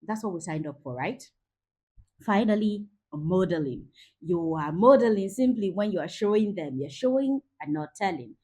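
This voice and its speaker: A woman in her forties giving a lively parenting talk, acting out everyday scenes as she coaches. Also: fairly low pitch, moderate pace, slight background noise. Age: 40s. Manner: lively, acts out scenes with quoted voices.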